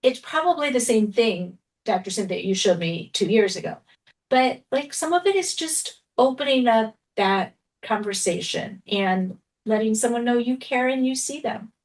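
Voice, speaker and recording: A middle-aged woman physician chatting casually on a panel, animated and peppered with "like", speaking on a video call. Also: on the high side, normal speed. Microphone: video call laptop mic. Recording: distant laptop mic on a video call.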